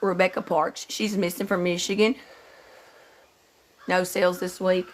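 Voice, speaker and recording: A woman's voice: lowish voice, flat delivery. Drowsy, chatty woman livestreaming. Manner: greets viewers by name, loose and chatty; slightly slow and drowsy, just woke up. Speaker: livestream host. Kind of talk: casual livestream chat.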